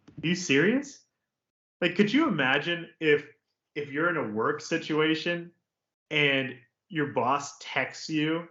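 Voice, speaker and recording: A man co-hosts a sports podcast, riffing in sarcastic, jokey bursts. His voice sits a bit high. The recording has a roomy echo and slightly dull sound. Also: unhurried. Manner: animated, sarcastic, jokey rants. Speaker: podcast co-host. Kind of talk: casual sports chat.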